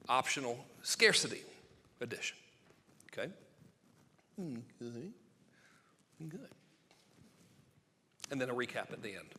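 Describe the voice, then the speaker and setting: A man teaches sales copywriting at a live seminar, talking fast and excitably with plenty of jokes. His voice is bright and tense. It rings out with long reverb from the hall. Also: medium pitch, a little hiss or hum. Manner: excitable, fast, joking, acts out quotes.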